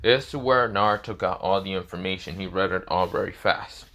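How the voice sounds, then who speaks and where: A man casually improvising a fan fiction story, rambling and filling pauses as he searches for words. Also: low-pitched, fairly bright tone. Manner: rambling, full of fillers and self-corrections.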